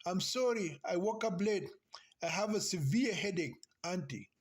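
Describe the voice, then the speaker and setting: A man reading the lines of a sleepy, skeptical young woman in a novel, with a slow and earnest delivery. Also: high-pitched, lively intonation. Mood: doubting.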